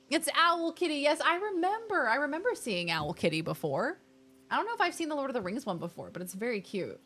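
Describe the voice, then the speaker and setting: A young woman streaming a game, chatting casually and gushing excitedly with her viewers. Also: medium pitch. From Australia. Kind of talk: casual live-stream chat.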